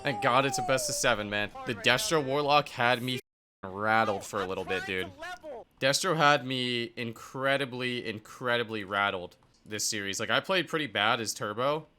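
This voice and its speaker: A young man giving casual commentary on his own competitive match, excitable and profane, full of "like" and "dude". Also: medium pitch, moderate pace, crowd noise. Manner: excitable, profane, filler-heavy talk. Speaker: esports player reviewing his match.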